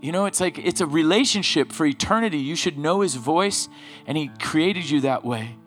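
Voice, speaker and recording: A man's voice: fairly high pitch, lively intonation, moderate pace, fairly bright tone, soft background music. A middle-aged man preaching a sermon to his congregation, talking casually with stories from daily life and rising into emphatic exhortation. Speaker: pastor.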